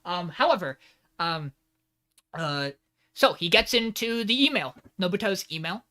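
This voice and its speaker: A man's voice: sits high, animated, measured pace, sharp tone. A man co-hosting a podcast in casual chat. He recaps an episode with lots of filler words and some swearing, and he acts out the lines of the characters. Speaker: podcast co-host.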